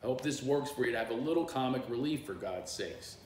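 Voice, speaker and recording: A middle-aged comedian spins his stories with lively animation and tosses in little voices. His voice bounces around a reflective room over a faint hum of ambience. It is relaxed, casual live-stream talk. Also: medium pitch, fairly quick. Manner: animated storyteller, does voices and bursts into song. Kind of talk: casual storytelling chat. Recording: echoey room.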